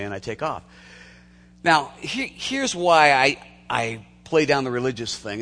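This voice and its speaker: A man preaching a sermon as a pastor, telling stories in an animated way with restarts and laughter. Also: medium pitch, in a large hall, slight background noise.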